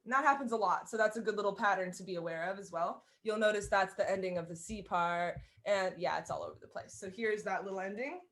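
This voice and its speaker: A woman's voice: mid-range voice, quick pace, few pauses, noisy background. Woman, fiddle teacher, live online lesson, encouraging, step-by-step explanations, fiddle playing behind. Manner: encouraging, explains step by step, sings out bowing rhythms. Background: violin playing.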